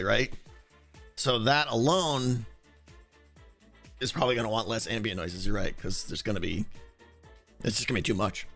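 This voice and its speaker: A man streaming a game, chatting casually with viewers and thinking aloud, with a hoarse voice and many restarts. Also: mid-range voice. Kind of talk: casual livestream chat answering viewers.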